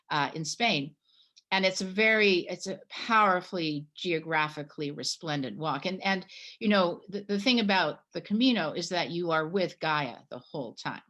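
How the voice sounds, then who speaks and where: Woman, middle-aged, guest in a conversation, personal story, acts out the dialogue, lowish pitch. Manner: animated storyteller, acts out her own past dialogue.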